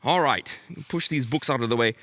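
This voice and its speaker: A man playing a bumbling, excitable detective for a children's Bible school, theatrical and playful, with dramatic exclamations. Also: medium pitch, brisk, natural voice. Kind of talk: comic character acting for children.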